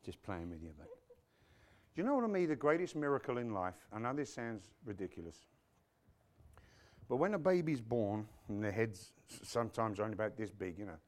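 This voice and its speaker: Lively preaching man. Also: on the low side, moderate pace. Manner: lively preaching, mutters asides, quotes scripture, jokes with the congregation. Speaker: pastor. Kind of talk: sermon.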